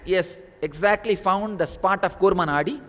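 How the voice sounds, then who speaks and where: A man's voice: sits high, normal speed, fairly bright tone. A man giving a spiritual discourse as a teacher, telling a story with sudden bursts of emphasis. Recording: long reverb of a large hall.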